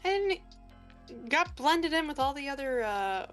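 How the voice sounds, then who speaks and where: A woman's voice: high-pitched, very animated, unhurried, fairly bright tone, soft background music. A woman co-hosting a live stream, recounting a story casually and laughing along. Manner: chatty, storytelling, laughs often. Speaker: streamer co-host.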